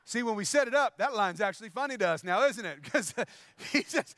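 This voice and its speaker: A man's voice: high-pitched, lively intonation, brisk, bright, forceful tone, no room sound. A man preaching a sermon in a conversational way, often asking the congregation questions. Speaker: pastor.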